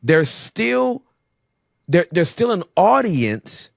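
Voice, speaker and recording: A man's voice: sits high, big pitch swings, slow, gravelly, no echo. Playful, emphatic man in a dry-sounding room. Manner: playful, emphatic talker who acts out voices. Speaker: podcast guest. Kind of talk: casual conversation.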